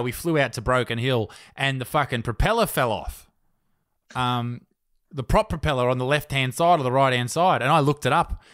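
A man's voice: mid-range voice, fairly bright tone, clear, resonant tone, no echo, studio quality. A young Australian man hosting a podcast, telling crude jokey stories and laughing as he goes. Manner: crude, joking, laughs mid-story. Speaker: podcast host. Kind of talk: casual comedic chat.

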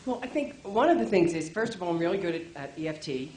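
A woman's voice: on the low side, lively intonation, quick pace, mellow, slight background noise. Rambling woman at an echoey workshop mic. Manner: rambling, apologetic, upbeat. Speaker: workshop participant. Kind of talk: audience question at a workshop.

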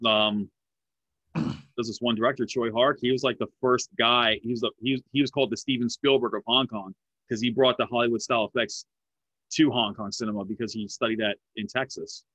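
A man's voice: mid-range voice, steady tone, a little fast, pushed and bright, no room sound. A man in his forties, from the United States, hosting a podcast in a chatty, easy-laughing way. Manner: chatty film buff, laughs easily. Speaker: podcast host. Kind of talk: casual interview chat. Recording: dry, dull lo-fi sound.

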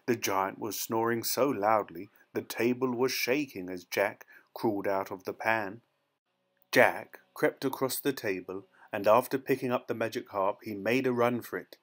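A man reading a fairy tale aloud in a steady, expressive storytelling manner. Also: fairly low pitch, normal speed.

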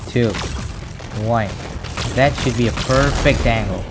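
A young man commenting on his own gameplay, excitable and trash-talking, who repeats words in chants. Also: mid-range voice, unhurried, over music, low-quality recording. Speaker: gaming channel host. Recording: gunfire and game noise behind.

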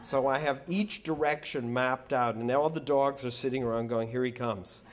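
A man giving a public lecture as an art critic, joking and teasing his audience, animated and quick to banter. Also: mid-range voice.

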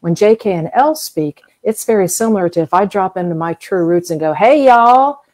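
Chatty woman, low warm voice, explaining. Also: a little fast. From US South. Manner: chatty, explains with everyday comparisons, many fillers. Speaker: whale museum guest expert. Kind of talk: explanatory interview answers.

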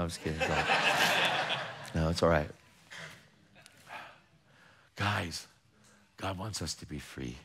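A fervent man preaching to a congregation, firing off rhetorical questions with emphatic energy. His voice sits at a middling pitch with an ordinary, unforced timbre, and he swings from urgent bursts down to quiet, pointed asides. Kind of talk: sermon.

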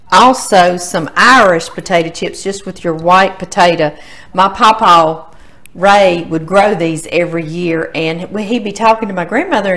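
A middle-aged woman with a Louisiana Southern accent hosts a casual cooking demonstration in her home kitchen, chatting folksily right to her viewers. Her mid-range voice has a fairly bright tone.

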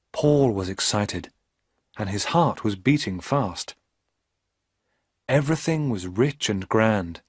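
Man reading an easy english story, slow and clear, lots of ups and downs. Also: fairly low pitch, no echo, studio quality. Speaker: narrator. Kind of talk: scripted narration of a graded reader.

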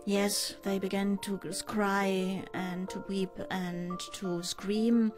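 An older woman in an interview, recounting a personal ordeal in a measured, halting way with pauses and fillers. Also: mid-range voice, flat delivery. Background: faint music.

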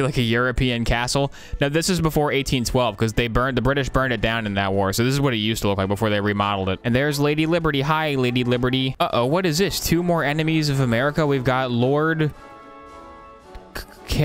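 A young man streaming a video game, giving deadpan, mock-serious comic commentary that jumps now and then into high, squeaky yelps. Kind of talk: comedic gameplay commentary.

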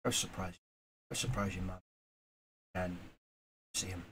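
A man talking straight to camera in a casual motivational vlog, earnest and rambling, moving from quiet reflection to emphatic urging. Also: low voice, fairly even intonation, unhurried, a little hiss or hum. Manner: earnest, rambling, with fillers and repeats. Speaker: YouTuber.

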